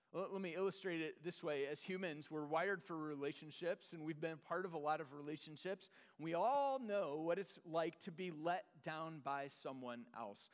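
A man preaching in a church, his slightly high voice ringing with a long hall reverb. He talks earnestly, repeats key phrases, and sinks into soft, low tones to drive a point home. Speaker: pastor. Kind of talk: sermon.

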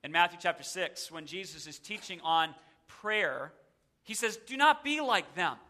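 Male pastor, high bright voice, emphatic sermon delivery in a church. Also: lively intonation, unhurried. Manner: emphatic preaching, repeating a verse with shifting emphasis. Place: church sanctuary.

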